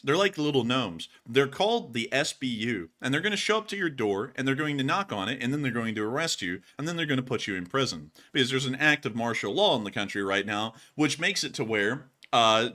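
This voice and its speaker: A man hosting a casual war-news commentary show, opinionated and rambling, with lots of "like" fillers. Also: mid-range voice. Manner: rambling, heavy use of "like" fillers; opinionated and animated. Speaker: show host.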